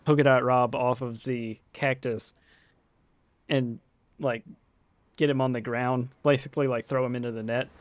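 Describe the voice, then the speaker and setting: A man's voice: medium pitch, steady tone, moderate pace, long pauses, dry recording. Man narrating as game master, dry sound.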